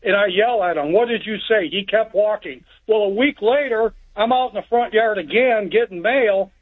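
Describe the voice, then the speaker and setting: A male caller heard over a tinny phone line, his voice high for a man. He tells his story in a plainspoken, rambling way and restarts his sentences. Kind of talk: telling a story on a call-in show. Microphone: telephone.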